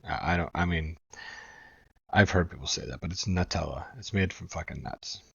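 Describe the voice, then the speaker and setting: A chatty reaction host from New England with a very low voice. He rambles on and drops the odd swear. The recording is dry and somewhat dull. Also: moderate pace, creaky, fairly bright tone, husky, no room sound. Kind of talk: casual commentary.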